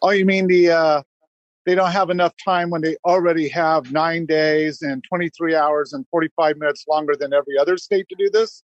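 A man calling in to a talk show, explaining a policy with brisk sarcasm. His voice sits a little high, and the sound is dry, with no room echo. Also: fairly even intonation, dull audio. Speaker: gun group director calling in. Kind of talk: interview over a call.

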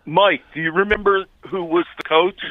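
A man's voice: sits high, fairly even intonation, moderate pace, dry recording. Man in his sixties calling in on tinny phone line. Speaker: caller. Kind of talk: call-in chat.

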